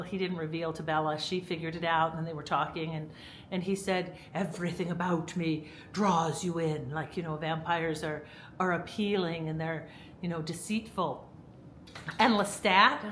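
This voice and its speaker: A woman's voice: fairly low pitch, a bit bright, a little hiss or hum, poor audio. A woman vlogging at home in a casual, rambling storytelling style, with lots of fillers and restarts. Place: at home, indoors.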